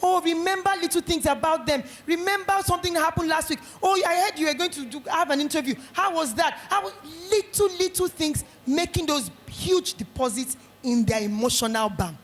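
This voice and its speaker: A middle-aged woman with a Nigerian accent giving a lively motivational talk at an education conference, acting out little scenes. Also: very high voice, fairly quick, few pauses, echoey room. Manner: animated, acts out little scenes in quoted voices.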